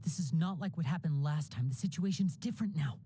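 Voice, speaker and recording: A woman's voice: deep voice, fairly quick, mellow, a little hiss or hum, lightly acted. Woman voicing an anxious young magician. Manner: earnest and tense. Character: young male stage magician, anxious older brother. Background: faint game music.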